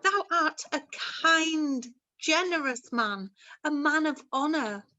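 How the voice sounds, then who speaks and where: A woman's voice: high-pitched, lively intonation, slow pace, pushed and bright, highs cut off, exaggerated voice. A woman playing a ghostly young mother who speaks in archaic thee-and-thou language, earnest and pleading, in an amateur stage drama.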